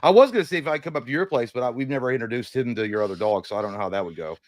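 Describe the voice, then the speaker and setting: A man's voice: mid-range voice, lively intonation, very fast, no room sound. A man co-hosting a casual movie livestream, rambling and joking, sometimes reading an article aloud over a video call. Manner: rambling, jokey, reads news aloud. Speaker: podcast co-host.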